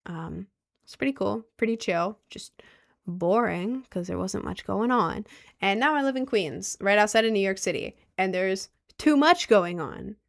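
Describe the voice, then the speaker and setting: A young woman streamer from Maryland talks casually to her live chat. She has a mid-range voice and gushes excitedly, with lots of rambling "like"s as she reads comments aloud. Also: medium pitch, measured pace, vocal fry. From Maryland, United States.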